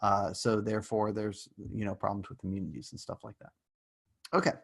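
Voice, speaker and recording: A man's voice: lowish voice, level tone, a little fast, vocal fry, husky. Casual, joking male lecturer. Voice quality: casual, joking, rambling with fillers. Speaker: university lecturer. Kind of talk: online lecture.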